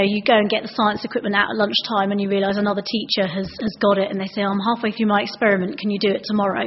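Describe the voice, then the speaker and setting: A woman's voice: mid-range voice, slightly rough, dull audio. A young woman giving a chatty, anecdotal sermon as a preacher, acting out the voices she quotes.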